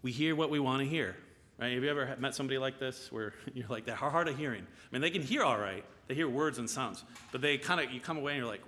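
A man's voice: medium pitch, fast talker, sharp tone. A man preaching a sermon in a conversational way, often checking in with his listeners by asking "right?". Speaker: pastor. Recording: long hall reverb.

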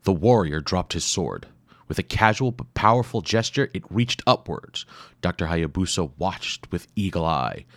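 A man's voice: deep voice, lively intonation, normal speed, dry recording. A man narrating an adventure story dramatically, acting out the sound effects himself.

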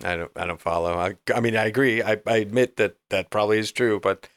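A man's voice: lowish voice, quick pace, fairly bright tone, smooth, no room sound. A man co-hosting a podcast, chatting casually with sardonic, swearing reactions. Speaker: podcast co-host. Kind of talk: casual chat.

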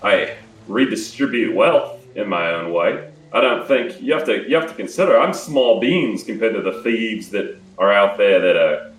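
A man's voice: on the low side, expressive, normal speed, a little hiss or hum, natural voice. An improv comedy performer playing a boastful male thief-guild leader and woodsman, smug and self-justifying, stumbling through restarts. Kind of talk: improvised comedy role-play. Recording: roomy, distant room mic.

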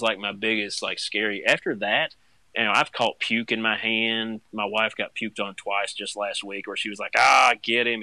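A young man, a stay-at-home dad, telling a funny story in casual chat, getting animated and jumping high when he acts out his own panic. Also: no room sound.

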